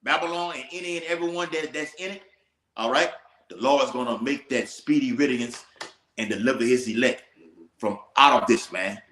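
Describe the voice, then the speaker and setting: A man's voice: medium pitch, moderate pace, fairly bright tone. A man teaching scripture in an emphatic, preacherly way, checking in with "all right?". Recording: echoey room.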